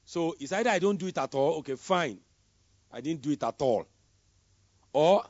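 A man preaching a sermon, swinging between loud emphatic calls and soft murmured prayer. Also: fairly high pitch, animated, moderate pace, pauses often, no room sound. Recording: dull lo-fi sound.

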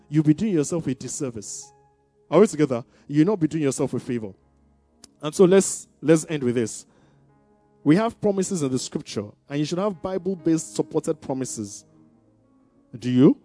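A man's voice: fairly high pitch, expressive, normal speed, mellow, no room sound. A man preaching a sermon, asking the congregation questions and building to emphatic declarations. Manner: call-and-response preaching, rising to emphatic declarations. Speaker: pastor. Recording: dry sound with faint music behind.

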